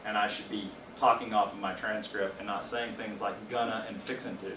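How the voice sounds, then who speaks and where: A man's voice: on the low side, level tone, brisk, background noise. A man giving a casual training presentation to a small group, explaining things plainly with wry asides. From Louisiana. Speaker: faculty trainer. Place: training room with a small audience. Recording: roomy echo, distant mic, faint ambience.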